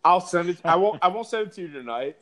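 A man in a casual chat, telling stories in a rambling, profane and animated way over a remote call. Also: sits high, quick pace, a little hiss or hum.

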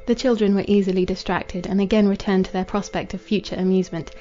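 A woman reading a classic novel aloud as a podcast narrator, in a measured, formal manner. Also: mid-range voice, little pitch movement, mellow. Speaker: audiobook narrator. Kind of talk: scripted literary narration. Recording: dull lo-fi with faint music.

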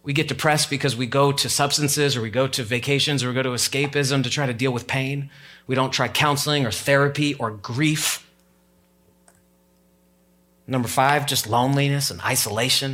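A man's voice: medium pitch, steady tone, fairly quick, pushed and bright. A man preaching a sermon as pastor, talking casually to the congregation and rising to emphatic, heightened moments.

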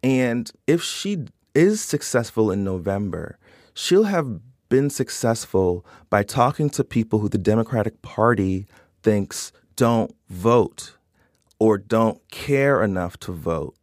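A man's voice: mid-range voice, lively intonation, slow pace, no echo, studio quality, faint music behind. A man reporting on an election in an earnest, thoughtful conversational way. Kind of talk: conversational news analysis.

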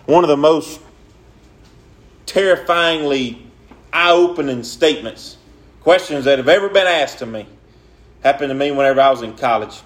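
A man's voice: fairly high pitch, expressive, moderate pace, long pauses. A young man preaching a sermon in an earnest, repetitive way, with folksy, casual grammar.

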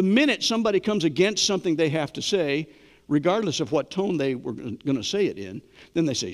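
Middle-aged guy preaching, kinda high voice, talks to the crowd like a chat, big echoey hall. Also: lively intonation, fairly quick. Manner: conversational preaching, asks the congregation questions. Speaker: pastor. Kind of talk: sermon.

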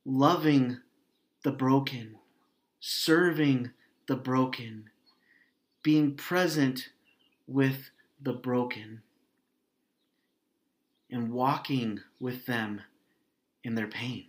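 A man preaching as a pastor, earnest and emotional, pausing often and dropping his voice soft and low. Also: fairly even intonation. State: grieving, voice heavy with hurt. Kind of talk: sermon and prayer.

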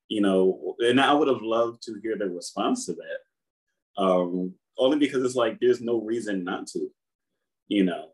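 A man co-hosting a podcast, responding in a relaxed, reflective way during a casual chat. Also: fairly low pitch, low-quality recording. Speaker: podcast co-host.

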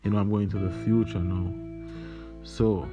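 A young adult man raised in Jamaica hosts a podcast, offering a casual spoken reflection with readings in a hesitant, filler-heavy way. His lowish voice is level and moderately paced, caught in a dull lo-fi recording over plucked guitar music.

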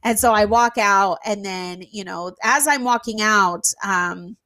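A woman who runs an event venue tells a casual story, animated and emphatic, with fillers and the odd swear word. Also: medium pitch, a little slow, no echo. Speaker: venue owner.

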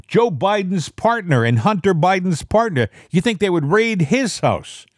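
An indignant man hosting a political talk show, rambling along with lively ups and downs in his voice. He is recorded dry and close to the mic. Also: sits high, unhurried, dry recording. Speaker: podcast host.

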